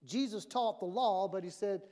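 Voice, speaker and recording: A woman's voice: medium pitch, normal speed, warm tone. A woman pastor preaching a sermon in a church, emphatic and conversational, often acting out the voices she quotes.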